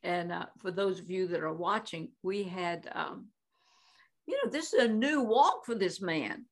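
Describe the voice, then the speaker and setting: A woman in her eighties, a guest who is a Christian minister, tells lively conversational stories at a measured pace, her lowish voice animated. She laughs often and uses many fillers.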